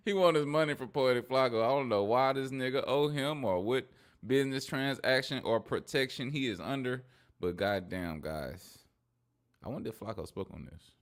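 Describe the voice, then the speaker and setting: A man's voice: mid-range voice, normal speed. A man doing casual reaction commentary on hip hop gossip, ranting in profane slang and laughing often. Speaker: streamer and commentator.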